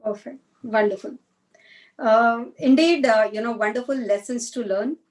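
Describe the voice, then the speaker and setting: A woman's voice: a little high, a little slow, darkish tone. A woman moderating a live mentorship session, encouraging and asking long framing questions. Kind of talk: live interview hosting.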